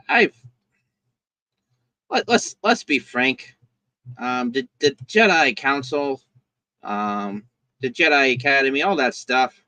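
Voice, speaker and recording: Host note: man, rambling casual reviewer, bright forceful voice, dry close mic. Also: mid-range voice, no echo. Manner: rambling, halting, with lots of fillers and restarts.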